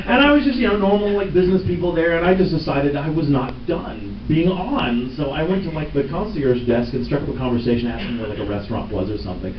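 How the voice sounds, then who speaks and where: A man on a convention panel, telling joking stories with an animated delivery and laughing often. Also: a little high, fast, hardly any pauses, slight background noise. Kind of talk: panel talk, comic anecdotes. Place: large convention hall with audience. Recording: echoey hall from far off, muffled, loud crowd.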